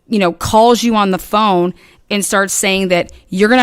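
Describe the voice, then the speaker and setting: A woman's voice: mid-range voice, a little slow, clear, resonant tone, no echo, studio quality. Profane, rambling woman recounting drama. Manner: rambling, profane, quotes others in animated bursts. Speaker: online commentator. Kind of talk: casual recounting of online drama.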